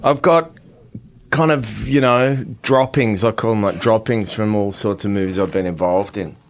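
A man's voice: fairly low pitch, moderate pace. A man with an Australian accent, a guest actor chatting casually in an interview and cracking wry, self-mocking jokes.

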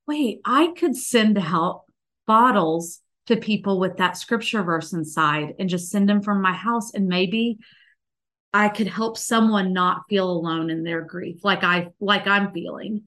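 A woman's voice: mid-range voice, unhurried, fairly bright tone. Earnest woman telling a faith story. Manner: earnest and emotional, many likes and restarts. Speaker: podcast guest. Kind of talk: personal faith story in an interview.

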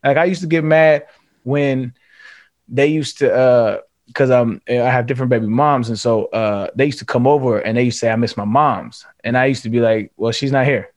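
A man's voice: mid-range voice, steady tone, normal speed, darkish tone, no room sound, clean studio sound. A man speaking as a podcast guest, earnest and reflective, often restarting his sentences in candid casual conversation. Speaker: podcast guest, former pro football player.

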